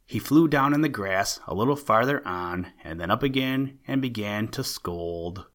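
A man hosting a podcast, reading a children's animal story aloud in a calm, measured way. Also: lowish voice.

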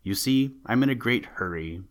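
A man's voice: mid-range voice, animated, normal speed, close to an everyday voice. A man voicing a self-important old male toad who is short of breath and speaks indignantly in a storybook reading. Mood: panting. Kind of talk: storybook character voice.

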